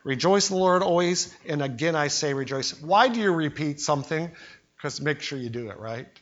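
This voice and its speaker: A man's voice: on the high side, expressive, fairly quick, a bit bright, dull audio. An older man preaching a sermon as pastor, telling stories and acting out the quotes. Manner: storytelling preacher, acts out quotes with voices.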